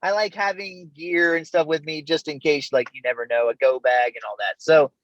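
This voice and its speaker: Male guest, high-pitched, casual storyteller who laughs easily; dull, dead-dry remote recording. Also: moderate pace, a bit bright, no echo. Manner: easygoing and chatty, laughs often, says man and bro. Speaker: interview guest, Army veteran.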